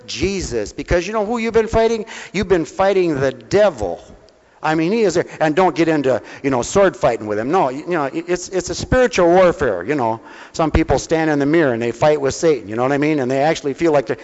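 Male preacher with a slightly high voice, folksy and coaxing, dull recording in a reverberant hall. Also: animated, normal speed, darkish tone. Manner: folksy, coaxing, calls listeners honey, call-and-response questions. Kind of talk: folksy sermon. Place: mission hall.

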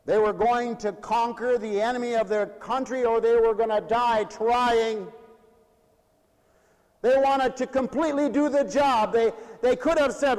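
A man preaching a sermon in a mission hall, emphatic, swinging between loud declarations and hushed asides. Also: very high-pitched, steady tone, a little slow.

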